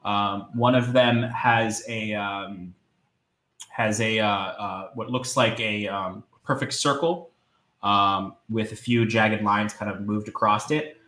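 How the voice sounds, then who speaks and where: A man narrating as game master of a tabletop game, describing scenes hesitantly with many filler pauses. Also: fairly low pitch, fairly even intonation, sharp tone, echoey room.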